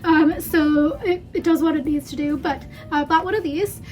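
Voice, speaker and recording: High-pitched woman rambling thru a haul vid at home, lots of ums, kinda out of breath. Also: moderate pace, darkish tone, faint music behind. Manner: chatty, rambling with many fillers. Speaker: beauty vlogger. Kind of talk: casual haul vlog.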